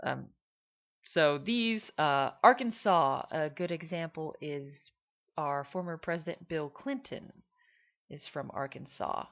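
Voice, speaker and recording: Slow low-voiced woman explaining accents. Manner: hesitant, many fillers, demonstrates accents. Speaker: teacher explaining regional accents. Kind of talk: casual explanatory talk. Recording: dull lo-fi recording.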